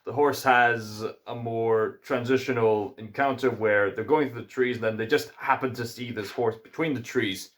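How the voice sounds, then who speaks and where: A man's voice: mid-range voice, fairly even intonation, normal speed, hardly any pauses, a bit bright. A man with a Scottish accent giving a casual film review, musing and hesitant, with frequent fillers.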